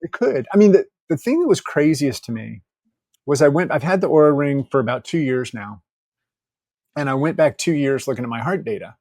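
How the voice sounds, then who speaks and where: A man telling stories as a podcast guest, casual and animated, laughing often and acting out quotes. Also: a little high, fairly quick, no room sound, clean studio sound. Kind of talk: casual interview storytelling.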